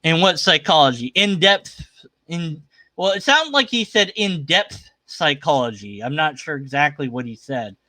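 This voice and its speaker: A man's voice: fairly high pitch, animated, moderate pace, bright, forceful tone, no room sound. A man hosting a livestream, giving casual, skeptical commentary on a video in a rambling, argumentative way. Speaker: livestream host reacting to a video.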